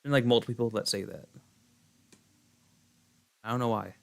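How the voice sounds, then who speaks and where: A man's voice: mid-range voice, moderate pace, gravelly, long pauses, fairly bright tone. Rambling young male streamer. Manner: rambling, many fillers and restarts. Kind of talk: casual chat while gaming.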